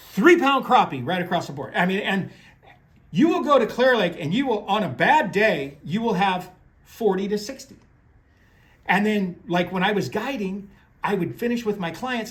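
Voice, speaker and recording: High-voiced rambling fishing man. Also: a bit bright. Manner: rambling storyteller, many restarts, folksy phrasing. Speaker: fishing guide and tackle presenter. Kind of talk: casual talk on crappie fishing.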